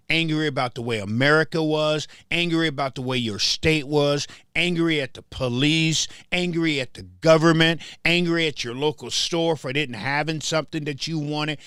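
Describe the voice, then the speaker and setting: A man's voice: fairly high pitch, a bit bright, dry recording, clean studio sound. A man hosting his show, talking in a casual commentary monologue, emphatic and repeating phrases as he restarts them. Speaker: show host.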